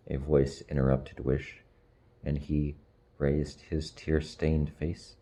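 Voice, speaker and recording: Male narrator, extremely low pitch, slow pace, dark tone, audiobook reading. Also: flat delivery.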